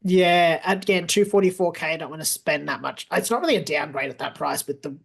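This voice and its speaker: A man co-hosting a fantasy football podcast. He reads through scores and prices in steady, orderly runs. He breaks into easy laughter when the banter turns silly. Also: fairly high pitch, brisk, gravelly, breathy edge. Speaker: podcast co-host.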